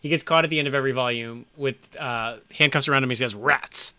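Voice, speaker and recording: A man co-hosting a podcast, musing in casual chat with many fillers and quiet trailing endings. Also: mid-range voice, quick pace, smooth, dry recording. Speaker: podcast co-host.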